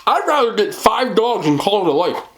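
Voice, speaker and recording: A man hosting a mukbang, chatting casually while eating, talking in an animated way with loud bursts. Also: sits high, normal speed. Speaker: mukbang host.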